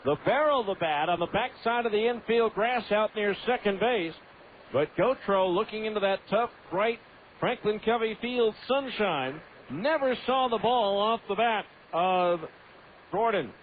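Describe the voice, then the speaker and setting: A male radio announcer calling baseball in a steady, stat-heavy play-by-play, in a fairly high voice. The broadcast sounds tinny and phone-like, with a faint hiss under it. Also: a little slow.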